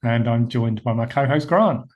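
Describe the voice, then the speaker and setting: A relaxed man hosts a podcast, chatting easily and chuckling often. He has a mid-pitched voice and talks to his co-host over a call. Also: normal speed, muffled recording. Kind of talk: casual podcast chat.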